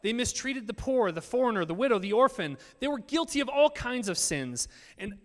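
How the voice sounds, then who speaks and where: A man preaching a sermon in an animated, conversational way, often turning to his listeners with asides. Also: extremely high pitch, brisk, long reverb tail. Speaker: pastor.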